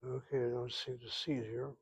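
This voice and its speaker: A man's voice: medium pitch, flat delivery, fairly quick, slightly rough, poor audio. A man with an American accent giving a Hebrew grammar lesson in a blunt, emphatic classroom lecture style. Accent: American English. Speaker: Hebrew instructor.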